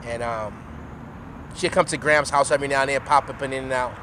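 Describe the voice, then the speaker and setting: A young man recounting a personal story in slangy, heartfelt casual talk, halting and repeating himself. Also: mid-range voice, fairly even intonation. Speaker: podcast guest. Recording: noisy traffic in background.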